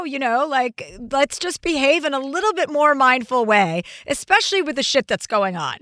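A woman hosting a podcast in casual chat, blunt and profane, talking fast and freely. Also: high-pitched, big pitch swings, pushed and bright, dry recording. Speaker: podcast host.

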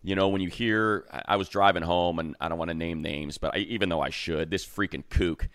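A man's voice: low voice, a little fast, dry recording. A man co-hosting a casual sports talk show, opinionated and given to heated rants. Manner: opinionated, heats up into animated rants. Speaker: co-host.

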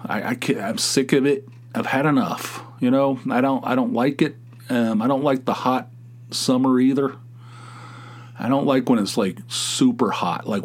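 A middle-aged man from Pennsylvania talks alone into his podcast mic, his voice sitting at an ordinary middle pitch. He rambles and complains in loose casual chat, often restarting his sentences and tossing in "you know.". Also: slightly rough. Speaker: podcast host. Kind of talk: casual solo podcast monologue.

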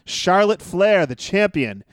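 Smooth-voiced man moving the chat along. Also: high voice, big pitch swings, no echo, studio quality. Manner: brisk, keeps the talk moving, laughs often. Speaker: wrestling podcast co-host. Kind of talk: casual chat.

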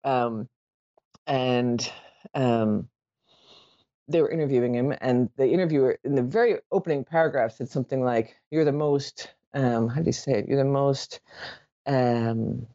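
A woman's voice: rumbling low, normal speed, mellow, muffled recording. A woman from Ireland with an Irish accent, talking in a casual podcast monologue, rambling, correcting herself and swearing casually.

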